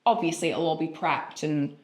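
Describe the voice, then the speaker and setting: A woman chatting as a podcast guest, animated and quick to laugh. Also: deep voice, reverberant. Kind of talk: casual podcast chat.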